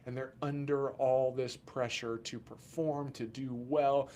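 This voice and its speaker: A man, a children's mental health therapist, giving casual educational talk to camera in an animated, joking way with sudden loud asides. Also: medium pitch, unhurried.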